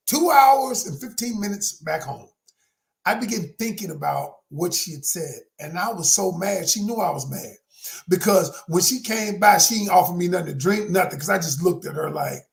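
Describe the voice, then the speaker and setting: A man's voice: sits high, lively intonation, moderate pace, gravelly, a bit bright. A man, a relationship coach telling a personal story in a dramatic, emphatic motivational talk that speaks straight to the audience.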